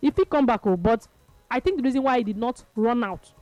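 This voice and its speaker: A Nigerian woman hosts a casual chat show, telling stories playfully. Her voice sits a little high. It sounds dry and close to the mic. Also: a little fast, dry recording, muffled recording. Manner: lively, laughing, playful storytelling. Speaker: radio show host.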